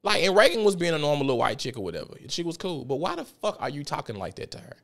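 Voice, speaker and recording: Animated young Memphis man, profane storyteller. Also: a little high, racing, gravelly. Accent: Southern US, Memphis. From South Memphis, Tennessee. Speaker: podcast host. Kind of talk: casual podcast monologue.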